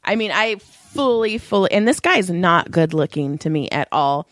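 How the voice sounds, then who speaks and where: A woman's voice: on the low side, expressive, moderate pace, a bit bright, dry recording. A young woman talks in a loose, chatty storytelling way, breaking into laughter often. Her voice sounds strained, as if her vocal cords are worn out. The sound is dry and close. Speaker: podcast co-host. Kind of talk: casual chat.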